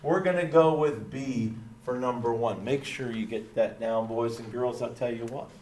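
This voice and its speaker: A male teacher reading a lesson aloud while voicing a folksy, proud small-town dad with a slow drawl and pet phrases. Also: mid-range voice, darkish tone, a little hiss or hum, pitched below the performer's own voice, natural voice. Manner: slow Texan drawl, repeating catchphrases. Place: classroom. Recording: roomy echo.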